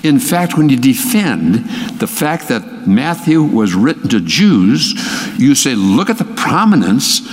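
Animated Bible teacher with a Minnesota accent. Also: male voice, unhurried, in a large hall. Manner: animated, emphatic, with sudden pitch leaps. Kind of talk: Bible study lecture.

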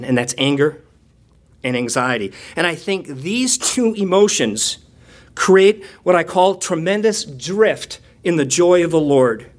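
A man preaching a sermon in a conversational, self-deprecating way, moving between quiet reflection and lively storytelling with playful asides. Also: a little high. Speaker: pastor.

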